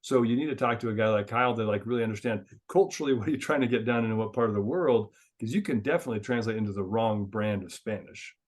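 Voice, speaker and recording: Chatty host guy, kinda husky low voice, lots of likes. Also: fast talker, hardly any pauses. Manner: chatty, many "like" fillers. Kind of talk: casual business chat.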